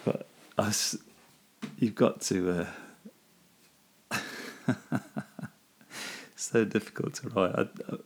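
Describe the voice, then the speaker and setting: A man's voice: on the low side, slow, pauses often, a little hiss or hum. A man hosting his own podcast, musing casually in a rambling, self-deprecating way and often laughing at himself. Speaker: podcast host.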